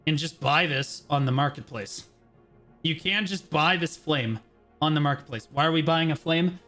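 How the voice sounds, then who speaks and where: Soft music plays under a man with a slightly high, sharp-toned voice as he streams a game gearing guide. His casual commentary is brash and full of swearing, delivered in quick bursts that keep landing on "okay."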